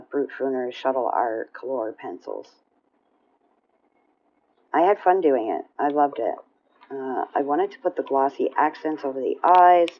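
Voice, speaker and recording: Low-voiced chatty woman, lo-fi recording. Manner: chatty, rambling, frequent throat clearing and fillers. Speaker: coloring vlogger. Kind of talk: casual show-and-tell chat.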